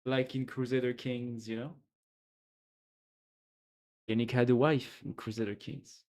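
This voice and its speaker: French man chatting slowly on stream. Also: medium pitch, little pitch movement, a little mellow. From France. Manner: playful, laughs often, trails off and restarts. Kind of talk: casual live-stream chat.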